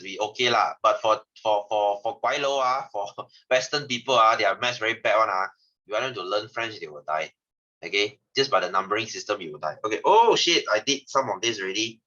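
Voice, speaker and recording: A chatty young man with a Malaysian English accent tutors science casually, wandering off-topic and laughing often. His voice is bright and forceful, caught on slightly dull, lo-fi audio. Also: fairly low pitch, expressive, normal speed. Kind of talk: casual online lesson.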